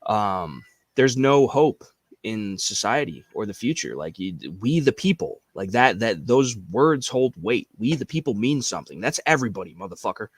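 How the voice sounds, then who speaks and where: A man's voice: on the low side, very animated, normal speed, breathy edge, no echo. A young man on a casual livestream chat, talking in a profane, rambling and emphatic way.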